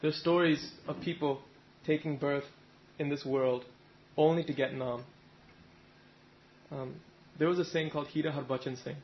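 A male preacher giving a sermon, his voice gravelly with a fair amount of fry. He tells a story in an even, level delivery and reads the characters' words without acting them out. The recording sounds dull and lo-fi, with faint noise in the background. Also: fairly high pitch, moderate pace. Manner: retells a story, voicing the people in it plainly. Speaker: Sikh preacher.

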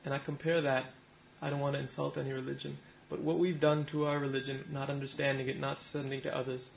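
A man's voice: mid-range voice, flat delivery, fast talker, creaky, dull audio, a little hiss or hum. A man giving a Sikh sermon, retelling a story and speaking its characters' lines in his own plain voice. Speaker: Sikh preacher.

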